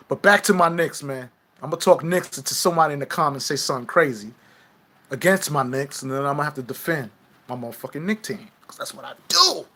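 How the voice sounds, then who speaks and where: A man's voice: mid-range voice, a bit bright. Brash, swearing New man. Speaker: livestream host. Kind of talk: profane livestream rant to viewers.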